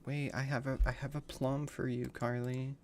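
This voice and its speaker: A man's voice: medium pitch, little pitch movement, moderate pace. A man streaming a game, reading the dialogue aloud and reacting with crude slang and frequent swearing. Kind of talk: casual gaming livestream commentary.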